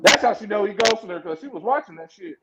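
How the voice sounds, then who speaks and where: A man co-hosting a casual wrestling chat, animated and excitable, often slipping into impressions. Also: high-pitched, fast, over a noisy crowd. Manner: excitable, animated storyteller who slips into impressions. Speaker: podcast co-host.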